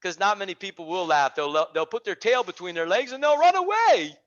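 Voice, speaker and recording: A man hosting an online teaching community, giving an energetic, preachy talk on a video call and repeating phrases for emphasis. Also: high-pitched, brisk. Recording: dull lo-fi video call audio.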